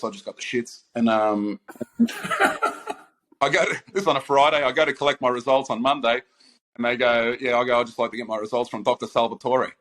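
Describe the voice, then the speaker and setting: A man in casual conversation, telling a personal story with an easygoing, chuckling delivery. He circles back, restarts his phrases and breaks into laughter as the tale builds. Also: medium pitch. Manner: laughing, animated anecdote with many restarts. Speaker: podcast host.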